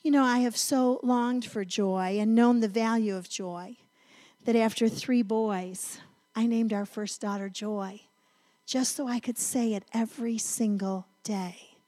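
A middle-aged woman from North Carolina giving a sermon, telling a family story in an animated, emphatic way. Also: on the high side, measured pace. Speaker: women's ministry speaker.

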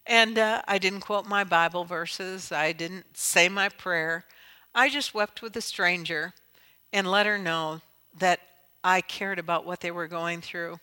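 Middle-aged woman conference speaker, bright voice, earnest storytelling with emphatic peaks. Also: lowish voice, measured pace, clean tone, rough recording. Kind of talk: inspirational talk.

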